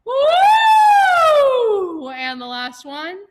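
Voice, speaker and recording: A woman leading an online choir class and warm-ups, talking casually and jokily with lots of fillers over a video call. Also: fairly high pitch, normal speed, heavy background noise. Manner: casual, joking, chatty with many fillers.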